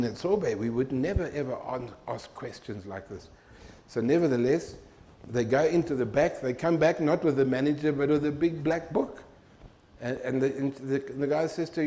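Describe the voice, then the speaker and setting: An older man, giving a humorous, animated storytelling talk to an audience as a keynote speaker. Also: medium pitch, a little hiss or hum.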